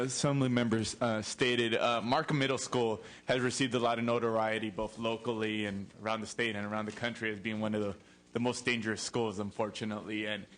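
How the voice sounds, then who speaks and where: Halting man testifying at a hearing. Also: mid-range voice, fairly bright tone, a little hiss or hum. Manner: halting, many fillers and repeats. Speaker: school district representative testifying. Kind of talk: formal testimony. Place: legislative committee hearing room.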